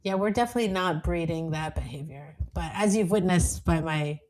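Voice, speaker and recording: A woman in her thirties co-hosting a podcast, chatting casually, emphatic and quick to laugh. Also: fairly low pitch. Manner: animated, laughs often, emphatic. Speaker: podcast co-host. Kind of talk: casual chat.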